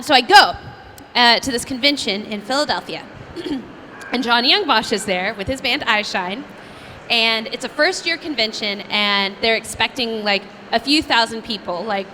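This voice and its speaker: A woman voice actress telling stories at a convention Q&A, chatty and animated, laughing often. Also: fairly high pitch, normal speed, a little hiss or hum. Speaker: voice actress guest. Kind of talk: convention Q&A storytelling. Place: convention panel room.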